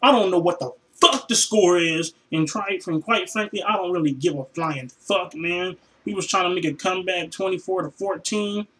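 A fed-up man rants in his room, his voice sitting high and bright. He sighs heavily, drops into weary mutters, then bursts into profane shouts. It is a raw, unscripted fan vlog. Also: normal speed, few pauses, slight background noise, rough recording. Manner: profane, exasperated, sighing, swings between mutters and shouts. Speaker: vlogger reacting to a football loss. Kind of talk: angry fan rant.

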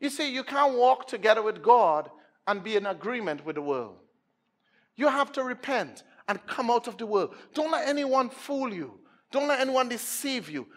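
A man with a Trinidadian accent preaching a sermon. He jokes with his listeners and swings from hushed lines to shouting. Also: very high-pitched. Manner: energetic, swings from hushed to shouting, joking with the crowd.

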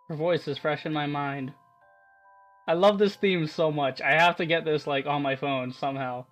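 A man hosting a let's-play, rambling and excitable in his game commentary, laughing often as he talks. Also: on the high side, a little slow, long pauses, soft background music.

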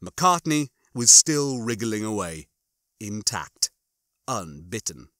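A man reading a comic audiobook as narrator, with animated, expressive storytelling. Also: medium pitch, a little slow, no echo, studio quality. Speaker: audiobook reader.

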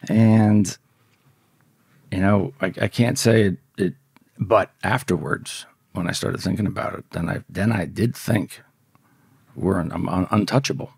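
Gravelly-voiced man telling a crime story. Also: lowish voice, a little slow, no echo, clean studio sound. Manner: profane, vivid, acts out quoted voices. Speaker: guest telling his life story. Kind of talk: casual storytelling.

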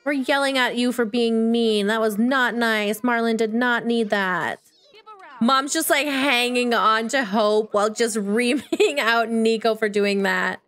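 A chatty woman narrates her game with bubbly excitement. Her voice sits fairly high and bounces up into squeals when something goes well. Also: a little slow, faint music behind. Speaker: gaming YouTuber. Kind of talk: Let's Play commentary.

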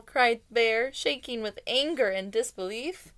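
A woman with a fairly high voice reading a children's picture book aloud. She tells the story expressively and pauses to talk about the pictures. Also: fairly bright tone. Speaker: storybook reader.

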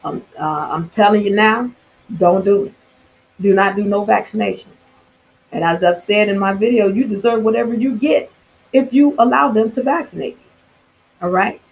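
A woman speaks to her viewers in a fervent, preachy spiritual monologue. Her voice sits at a middle pitch, and her talk is loose and slangy, full of restarts. It feels like a self-recorded vlog message. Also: moderate pace, rough recording. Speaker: spiritual vlogger.

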